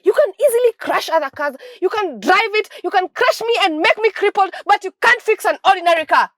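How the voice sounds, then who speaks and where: A woman playing a shrill, scolding sister. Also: animated, a little fast, a bit bright. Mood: angry. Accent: Nigerian. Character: bitter sister in a wheelchair.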